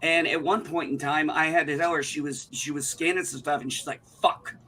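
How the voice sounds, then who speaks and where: A man rants about a bad store visit. His voice is bright and forceful, and a little higher than most men's. He is casual, indignant and profane. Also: fairly even intonation, brisk, a little hiss or hum. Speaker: livestream co-host. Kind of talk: casual chat, telling a story.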